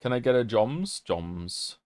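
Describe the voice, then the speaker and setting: A man's voice: medium pitch, fairly quick, dry recording, clean studio sound. A young man streaming, chatting loosely with his viewers, rambling and reading their messages aloud, sometimes flustered. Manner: rambling, reads chat aloud, gets flustered. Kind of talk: casual chat with viewers.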